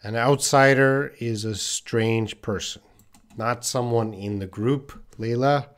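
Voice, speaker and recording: Here is a mid-range-voiced English teacher, a man in his forties, running a lesson live online. He goes over phrases slowly so learners can copy the pronunciation, and he reacts to chat comments in a relaxed, think-out-loud manner.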